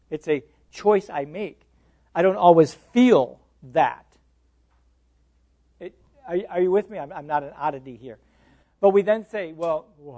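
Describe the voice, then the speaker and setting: A pastor teaching a Bible class in an animated, interactive way, often restarting his words and putting questions to his listeners. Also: high voice.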